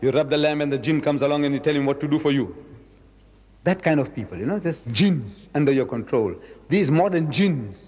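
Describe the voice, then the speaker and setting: A man's voice: a little high, a little fast, a little mellow. A man gives a dramatic public lecture, acting out dialogues and firing rhetorical questions. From South Africa. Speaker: Islamic lecturer. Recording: reverberant lecture hall.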